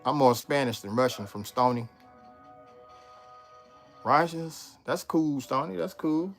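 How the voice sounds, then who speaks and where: As a livestream host, this man has a mid-range, animated voice and speaks at a slow pace, with faint music playing behind him. He chats loosely and in a laid-back way with viewers, reading their comments aloud and replying.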